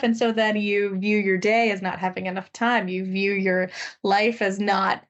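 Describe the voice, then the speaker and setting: A woman's voice: medium pitch, fairly even intonation, measured pace. Woman explaining ideas over a dull mic. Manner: explanatory, frequent "right?" and "like" fillers. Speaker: podcast co-host. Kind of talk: conversational podcast discussion.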